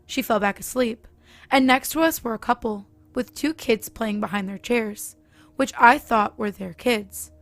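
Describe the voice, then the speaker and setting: A woman narrating a scripted horror story in a steady reading manner. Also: on the high side, measured pace, no echo.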